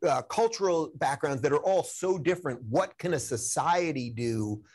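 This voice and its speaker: A man in his forties, a guest author on a political talk show, explaining his views in an earnest, measured way. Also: fairly high pitch, expressive, darkish tone. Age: 40s.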